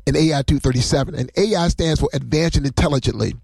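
A man's voice: on the high side, fast, vocal fry, darkish tone, husky, dry recording. A man preaching on a livestream as a pastor, rambling and emotional, often breaking into laughter.

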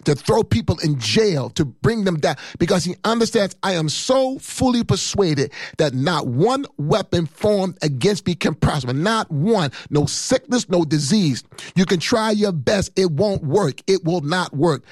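A man's voice: sits high, animated, normal speed, no room sound, studio quality. A man in his fifties, a pastor, preaching with fiery emphasis and rhythmic repetition. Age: 50s. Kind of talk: sermon.

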